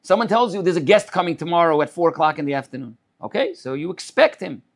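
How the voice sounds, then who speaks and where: A man giving a Torah sermon as a rabbi. He speaks in a measured way, repeats phrases and weaves in Hebrew terms. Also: a little high, very animated.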